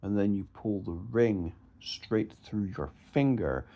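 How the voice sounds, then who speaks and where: A man's voice: fairly low pitch, expressive, takes it slowly, dark tone. A man giving an emphatic, direct casual talk on performing magic, often restarting his words. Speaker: mentalist discussing magic performance. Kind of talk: casual instructional monologue.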